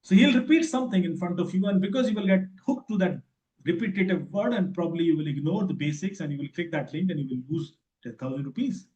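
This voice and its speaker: A man's voice: sits high, quick pace, a little mellow, lo-fi sound. A man with an Indian English accent giving a teacher training lecture on cyber safety, emphatic and repetitive as he tells his stories. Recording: echoey hall.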